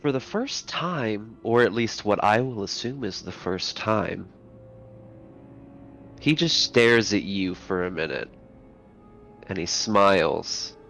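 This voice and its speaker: A game master narrating a tabletop game in a slow, drawn-out way. His voice has a gravelly edge, and his pitch moves widely as he builds tension. He sinks low and quiet for the tense moments. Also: animated, soft background music.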